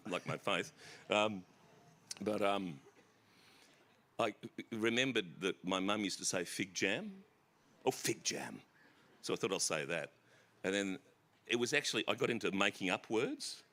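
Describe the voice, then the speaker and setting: Unhurried and given to long pauses, the man has a lowish voice with a sharp tone. He's an Australian writer at a festival, telling the audience meandering, self-mocking stories and often cracking himself up.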